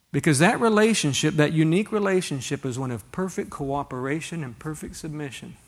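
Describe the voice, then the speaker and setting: A man's voice: fairly high pitch, a little fast, few pauses. A man preaching a sermon to a congregation, reading scripture aloud and asking rhetorical questions in a conversational way. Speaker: pastor.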